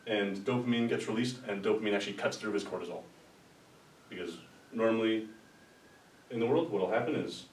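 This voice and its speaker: Man, low voice, casual rambling lecturer, recorded from a distance in a roomy lecture room with a faint rumble. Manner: rambling, conversational, with restarts and asides. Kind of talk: informal lecture.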